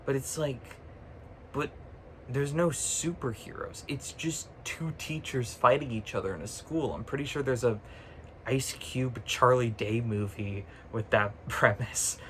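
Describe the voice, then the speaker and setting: A vlogger chats casually to camera in a medium-pitched, slightly bright voice at a somewhat slow pace. He rants sarcastically, swears freely, and often laughs mid-sentence. It's recorded on a phone with a little background noise.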